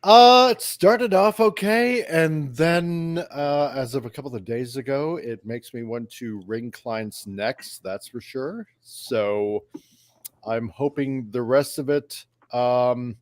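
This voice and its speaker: A man on a casual panel show, making dry jokes and quick quips. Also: mid-range voice, no echo.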